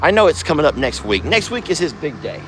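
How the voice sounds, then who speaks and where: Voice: medium pitch, big pitch swings, fast talker, slight background noise. A vlogger chatting casually while doing ranch chores and cooing fondly at the animals. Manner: chatty, coos affectionately at animals. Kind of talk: casual vlog chat. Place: outdoors on a ranch.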